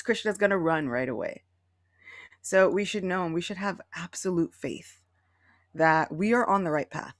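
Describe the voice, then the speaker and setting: A woman gives a devotional talk on a video call, and a gravelly fry runs under her voice. She tells stories along the way and acts out what people say. The sound is dry and close, with no room around it. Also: lowish voice, dry recording. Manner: storytelling, with acted-out quotes. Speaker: devotional class teacher.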